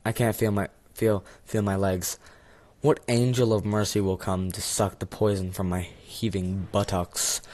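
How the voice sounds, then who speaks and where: A man voicing a pompous, melodramatic male lawyer who is dying, reading haltingly and stumbling over words in an amateur script reading. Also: fairly low pitch, flat delivery, a little mellow, natural voice.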